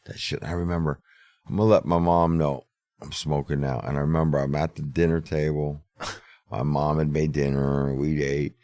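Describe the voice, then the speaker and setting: A man's voice: very deep voice, little pitch movement, normal speed, a little mellow, no echo, studio quality. A middle-aged man telling a casual, profane story as a podcast host. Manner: profane, laid-back storyteller.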